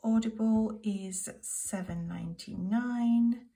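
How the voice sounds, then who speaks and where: A woman in her thirties from the UK, chatting casually through her monthly bills at home, talking in a hushed, half-whispered voice because her daughter sleeps next door. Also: a little high, slow. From United Kingdom. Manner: chatty, talks straight to viewers as "guys"; speaks softly, half-whispering so a child can sleep. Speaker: budgeting vlogger. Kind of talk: casual monthly budget walkthrough.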